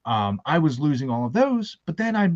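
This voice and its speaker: A man's voice: a little high, sing-song, normal speed, no room sound, muffled recording. A man from Baltimore, with a faint Baltimore accent, hosting a casual chat. He tells rambling, anecdotal stories and laughs often. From Baltimore, USA. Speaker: host.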